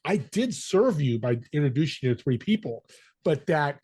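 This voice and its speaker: Older man, husky and slightly high-pitched, animated interview guest. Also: moderate pace. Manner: energetic storyteller, acts out quoted voices. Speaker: podcast guest. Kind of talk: conversational interview.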